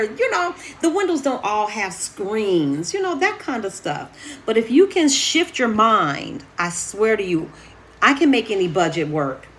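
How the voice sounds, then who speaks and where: A woman vlogging from her apartment in a chatty, animated way, often calling her viewers y'all. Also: mid-range voice. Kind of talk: casual chat to camera.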